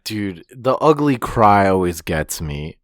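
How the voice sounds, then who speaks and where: A man co-hosting a podcast chats casually and unhurriedly while recapping a manga chapter, swearing now and then. His voice is on the low side and very animated, though he speaks slowly. The podcast microphone gives a dry, clean studio sound.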